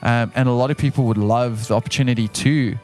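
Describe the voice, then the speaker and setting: A South African man co-hosts a casual podcast at an ordinary middle pitch. He speaks earnestly, often repeats himself, and gets worked up when he insists on a point, with soft music playing faintly behind him. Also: steady tone, fast. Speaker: podcast co-host.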